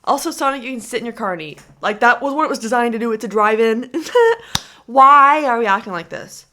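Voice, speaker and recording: A woman's voice: a little high, lively intonation, fairly quick, pushed and bright. A woman reacting to clips in a casual vlog, talking to camera in a chatty, exasperated way with lots of "like". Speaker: commentary vlogger.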